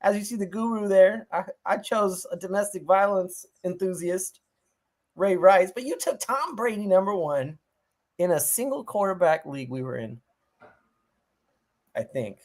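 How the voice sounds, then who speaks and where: A man's voice: high voice, normal speed. A man hosting a fantasy football watch party, talking casually, profanely and jokingly with a friend.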